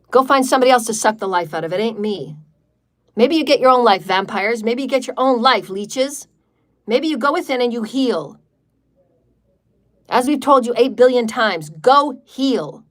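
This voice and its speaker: A woman's voice: on the high side, animated, moderate pace, long pauses. A woman leading a livestreamed healing meditation in a defiant, declarative way, repeating chant-like lines and swearing freely. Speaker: spiritual meditation leader.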